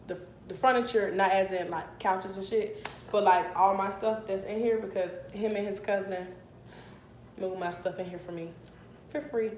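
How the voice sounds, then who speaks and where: A young woman telling a storytime on a livestream, animated and blunt, swearing freely. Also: medium pitch, moderate pace, slight background noise. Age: young adult. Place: her apartment, indoors. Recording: echoey room.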